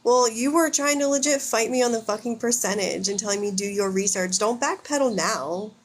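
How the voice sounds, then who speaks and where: A woman's voice: on the high side, a little fast, husky. An American woman in her thirties hosting a casual livestream, reading comments aloud and answering bluntly, with frequent swearing. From United States. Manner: blunt, opinionated, swears freely. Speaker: livestream host.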